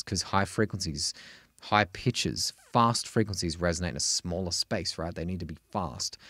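A man with an Australian accent teaching a singing lesson, chatty and animated, breaking into sung examples. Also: no room sound, studio quality. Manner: chatty, animated, jumps into high sung demos. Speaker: vocal coach.

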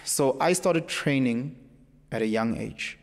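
A man with a South African accent, speaking as a podcast guest in an emphatic, animated storytelling way. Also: mid-range voice, slow. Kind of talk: casual conversation. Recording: echoey room with long reverb.

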